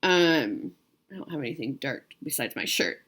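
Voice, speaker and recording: A woman's voice: rumbling low, big pitch swings, moderate pace, a bit bright. A woman from the United States hosting her own stitching video, chatting casually to viewers with lots of fillers and restarts. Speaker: cross-stitch video host.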